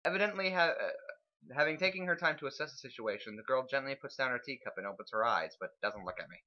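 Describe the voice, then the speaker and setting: A man's voice: mid-range voice, animated, fast, highs cut off. A man reading visual novel narration aloud during a casual let's play, laughing between lines.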